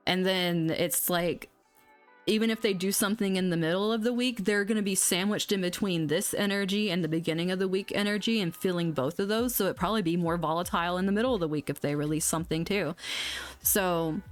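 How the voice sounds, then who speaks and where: A young woman hosting an astrology livestream, chatting bluntly and casually, swearing now and then. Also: on the low side. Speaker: astrology channel host.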